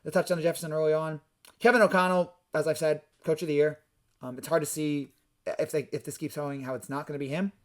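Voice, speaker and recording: A young man giving casual, opinionated sports predictions, energetic and rambling with frequent restarts. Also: fairly high pitch, fast. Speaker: sports YouTuber.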